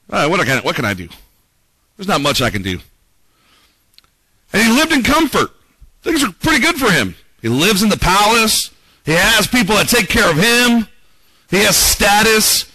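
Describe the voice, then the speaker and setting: A man delivers a sermon in a relaxed, conversational way, reading passages aloud and asking listeners what breaks their heart. His voice sits high and sounds bright and forward, recorded dry and close with almost no reverb. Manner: conversational preaching, reads scripture aloud, rhetorical questions. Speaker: pastor.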